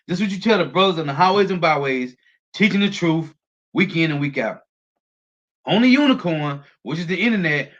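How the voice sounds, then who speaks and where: A man delivers a street-style sermon, reading scripture and breaking it down in an emphatic, repetitive way. His voice sits fairly high for a man. The recording is dull and lo-fi. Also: a bit bright. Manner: emphatic, repetitive, ends phrases with a low "man". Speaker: preacher.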